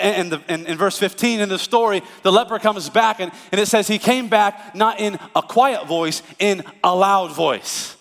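Male pastor, middle-aged, lively storytelling sermon, fairly high voice, loud praise, reverberant church hall. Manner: animated, builds to shouted praise. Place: church auditorium.

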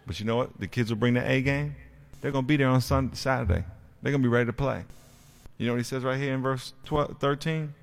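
A man preaching a sermon, telling a lively story from coaching kids' football, swinging between quiet, slow emphasis and loud excited bursts. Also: mid-range voice. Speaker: pastor and youth football coach.

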